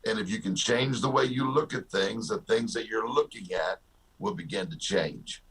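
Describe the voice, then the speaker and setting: Man, low voice, husky, interview guest, jokey anecdotes. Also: normal speed, a bit bright. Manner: jokey, tells stories with a laugh. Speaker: guest author and success coach. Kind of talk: storytelling interview talk.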